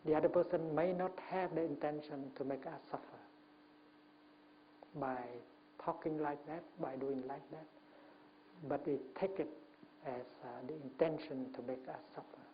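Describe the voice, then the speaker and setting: A man, a Buddhist monk, giving a Dharma talk at a retreat, speaking gently in short phrases with many pauses and fillers. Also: a little high, steady tone. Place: retreat talk before an audience. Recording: muffled lo-fi recording with faint hum.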